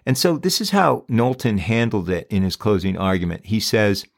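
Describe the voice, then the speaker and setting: A man with a somewhat low voice hosts a true crime podcast. He talks emphatically and keeps firing off pointed rhetorical questions. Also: normal speed, creaky. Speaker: podcast host.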